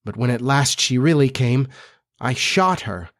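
A man voicing a remorseful young lost boy in a high, slow, plaintive tone in an audiobook reading. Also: animated.

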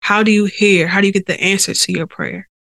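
A woman's voice: mid-range voice, fairly even intonation, a little fast, fairly bright tone, no echo. Earnest woman sharing her faith, dry sound. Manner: earnest, conversational, with audible breath-holding and sighs. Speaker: podcast host. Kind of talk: faith-based personal testimony. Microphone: sensitive podcast microphone.

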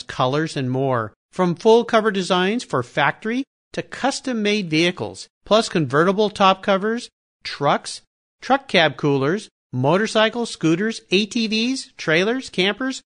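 An upbeat man hosting a podcast, moving between chat with a guest and sponsor reads. His voice is bright and forward, with a lively, swinging pitch. It sits a little high for a man. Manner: upbeat, lively host delivery. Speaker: podcast host.

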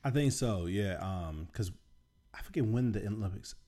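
A man's voice: lowish voice, expressive, moderate pace, dark tone. A man co-hosting a podcast in casual chat, telling stories with chuckles. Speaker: podcast co-host.

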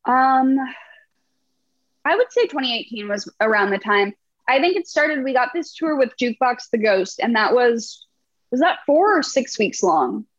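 A woman's voice: fairly high pitch, big pitch swings, moderate pace, dry recording. Young woman chatting on a video call. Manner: chatty, laughing storyteller. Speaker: band frontwoman. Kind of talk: casual interview chat. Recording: muffled video call audio.

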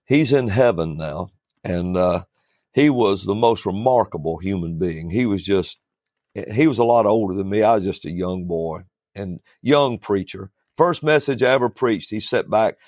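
A man who preaches, telling stories in a relaxed chat, often restarting his sentences and chuckling as he goes. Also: lowish voice, moderate pace, no echo, studio quality. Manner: rambling, starts over often, chuckles through stories. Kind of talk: storytelling in a casual panel chat.

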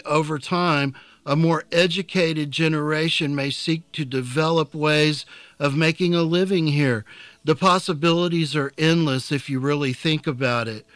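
A man reading a steady, persuasive idealist. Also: a little high, no room sound. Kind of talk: scripted narration.

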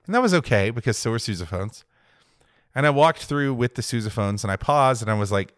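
A man's voice: medium pitch, lively intonation, fast, dry recording, clean studio sound. A young man co-hosting a podcast, telling a rambling, reflective story in casual chat. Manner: rambling, reflective, self-interrupting. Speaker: podcast co-host.

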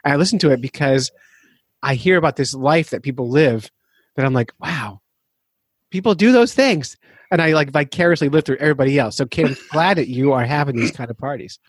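A man's voice: mid-range voice, quick pace, dry recording. Jokey man with a dry sound. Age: middle-aged. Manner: jokey, explains facts then riffs, laughs often. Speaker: podcast host. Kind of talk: casual comedic chat.

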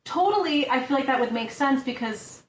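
A woman's voice: sits high, animated, normal speed, slight background noise. Chatty woman guest on a roomy distant mic. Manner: chatty, reads out figures, wry asides. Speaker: podcast guest. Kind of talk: casual discussion.

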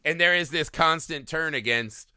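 A man's voice: fairly high pitch, moderate pace, pushed and bright, clear, resonant tone, dry recording, studio quality. A man co-hosting a casual film discussion, loose and profane, who keeps tagging his points with "right?". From small-town America. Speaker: podcast co-host.

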